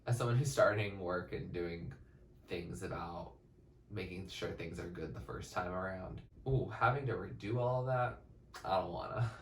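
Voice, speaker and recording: A young man giving casual, excitable reaction commentary as a music reaction host, now and then singing snippets along. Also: deep voice, moderate pace, a little hiss or hum. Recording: roomy, a bit distant from the mic, faint music.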